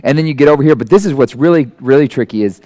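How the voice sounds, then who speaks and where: A man in his forties giving a conversational sermon, animated and self-deprecating, acting out the people he quotes. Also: mid-range voice, racing. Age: 40s. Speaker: guest preacher.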